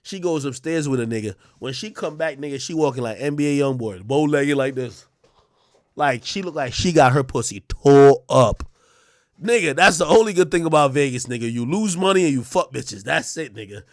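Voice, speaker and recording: A man hosting a livestream, delivering a loud, profane comedic rant with shouted bursts. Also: mid-range voice, expressive, normal speed, no room sound, studio quality. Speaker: streamer and show host.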